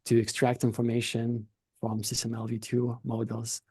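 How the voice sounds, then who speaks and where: A man with a Lithuanian accent speaks as a podcast guest, explaining in a calm, considered way and sometimes circling back to rephrase. His voice is warm and mellow. The sound is close and dry, with no room around it. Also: medium pitch, moderate pace, breathy edge, no echo. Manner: thoughtful, explanatory, with frequent restarts. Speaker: podcast guest, company founder. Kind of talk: conversational interview explanation.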